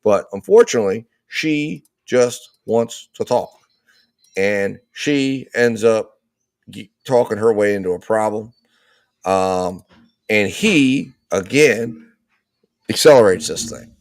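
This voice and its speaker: A man's voice: on the low side, slow pace, dry recording, studio quality. A man hosting a live legal talk show, telling a personal story in a casual way and acting out the quotes. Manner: animated storyteller, acts out quotes loudly.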